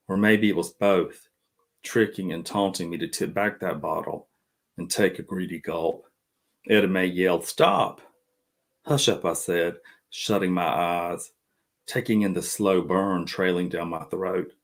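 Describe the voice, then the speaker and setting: A middle-aged male author reading a passage from his novel slowly and lyrically. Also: sits low.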